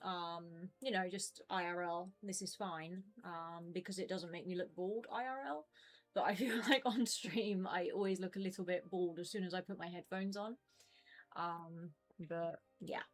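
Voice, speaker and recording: A woman's voice: fairly low pitch, fairly even intonation, normal speed, soft background music. A young woman in her twenties chatting casually with her stream viewers from home, rambling with lots of fillers. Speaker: game streamer.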